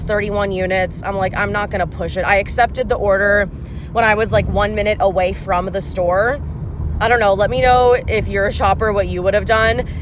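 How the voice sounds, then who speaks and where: A woman in her twenties, chatty and animated, telling a story as a gig-worker vlogger while in her car. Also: mid-range voice, noisy background. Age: 20s. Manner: chatty, animated, many fillers. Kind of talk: casual storytime vlog.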